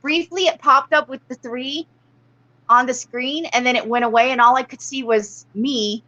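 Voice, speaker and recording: A woman's voice: high-pitched, steady tone, normal speed, sharp tone, muffled recording. A woman chatting casually as a live-stream guest, rambling a little as she tells things.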